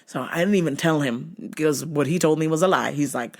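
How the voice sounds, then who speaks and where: A middle-aged woman hosting her show, telling a story in a casual, profane, animated rant, laughing often. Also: sits low, fairly quick, gravelly, few pauses. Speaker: show host.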